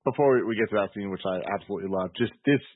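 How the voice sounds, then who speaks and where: A man's voice: lowish voice, racing, no room sound. A man on a podcast gushing about a movie he loves, stumbling over and repeating his words. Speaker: podcast co-host. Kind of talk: casual movie chat. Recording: dry tinny phone-like sound.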